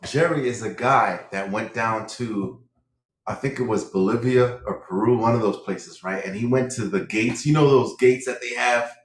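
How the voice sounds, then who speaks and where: Brief: animated male storyteller, mid-pitched, roomy echo on the mic. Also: normal speed. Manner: animated storyteller, says "right?" often. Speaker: livestream participant. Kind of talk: casual live chat. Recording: echoey room.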